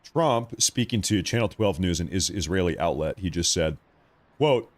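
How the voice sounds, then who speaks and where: A man's voice: deep voice, lively intonation, normal speed. A man hosting a live news commentary stream, talking in a conversational and emphatic way that repeats points for effect.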